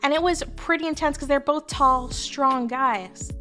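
A woman retells history as casual comedy, chatting irreverently with plenty of swearing and fillers. Her voice sits a little high, and faint music plays beneath. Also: a little slow, pushed and bright. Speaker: history storyteller, virtual streamer.

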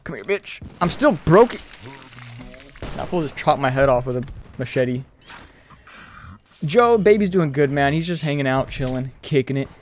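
A young man streaming a video game, chatting casually with viewers, excitable and swearing freely, yelling when the action heats up. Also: mid-range voice, normal speed, long pauses, slight background noise. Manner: excitable, swears freely, yells during fights. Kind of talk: casual live-stream chat and gameplay commentary.

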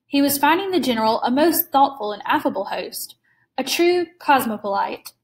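A woman reading a classic short story aloud in a measured, clear storytelling manner. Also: high-pitched, expressive, poor audio. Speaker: reader.

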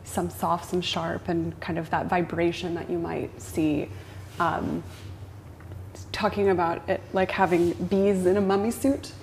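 A woman's voice: lowish voice, little pitch movement, gravelly, a little mellow, a little hiss or hum. A woman co-hosting a painting stream, chatting casually and laughing a lot. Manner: slow, amused, laughs a lot. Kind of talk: casual chat.

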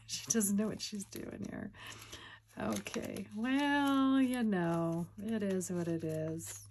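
A woman's voice: medium pitch, animated, slow, a little mellow, slightly rough. A woman chatting casually in a crafting vlog, rambling and giggly while she shows off her finds. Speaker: crafting vlogger. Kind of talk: casual show-and-tell chat.

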